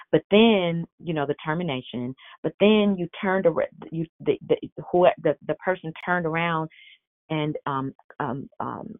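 A woman in her forties preaching a sermon, telling a personal story with animated, quoted back-and-forth dialogue. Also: low-pitched, dry recording. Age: 40s. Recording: tinny phone-like sound.

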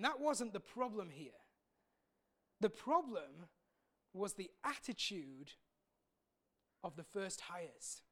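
A woman preaching a sermon in a frank, conversational way. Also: medium pitch.

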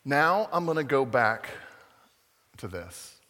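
Lively bright-voiced man preaching in a hall. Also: mid-range voice, slow pace. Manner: playful, interactive, acts out voices. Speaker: children's pastor. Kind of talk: animated family sermon to kids and adults.

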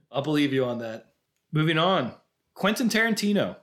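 A man's voice: a little high, very animated, measured pace, a bit bright. A man co-hosting a podcast, chatting casually about films and laughing easily. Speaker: podcast co-host. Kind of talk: casual film chat.

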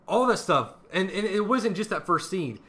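Bright-voiced excitable young man. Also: sits high, moderate pace. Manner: excited, laughing, swears freely. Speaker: podcast co-host. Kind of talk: casual movie review chat.

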